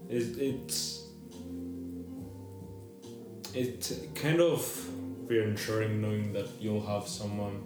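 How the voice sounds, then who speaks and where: Guest: low-voiced man, hesitant and reflective, echoey room with music behind. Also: slow pace. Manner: hesitant, restarts, thoughtful. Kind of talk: casual chat.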